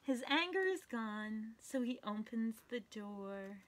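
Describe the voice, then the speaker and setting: A woman reading a picture book aloud to young children in a playful, animated way, talking to the listener as she goes. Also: on the high side, slow.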